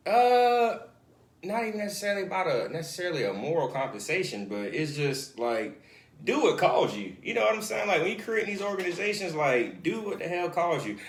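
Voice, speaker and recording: Guy guesting on a chat show, talks animated w/ lots of you know, roomy echo. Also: high-pitched, brisk. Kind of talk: casual chat. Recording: echoey room, faint noise.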